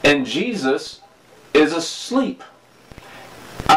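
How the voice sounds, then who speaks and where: A man's voice: on the high side, roomy sound, far from the mic, poor audio. Brief: male pastor in his thirties, home live-stream sermon, earnest and building in emphasis, slightly off-mic with faint room noise. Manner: earnest, preaching with rising emphasis.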